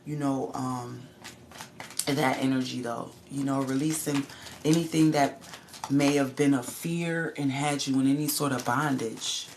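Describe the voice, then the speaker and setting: Woman, tarot reader, low gravelly voice, casual and profane, faint hiss behind. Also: steady tone, measured pace. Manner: profane, laughs and exclaims often.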